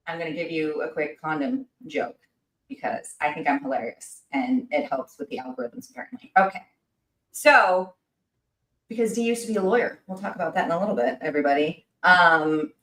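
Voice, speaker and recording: A woman hosting a livestream, talking fast and excitedly with lots of fillers and restarts. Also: fairly low pitch, echoey room, poor audio. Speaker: livestream host. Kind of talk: casual chat.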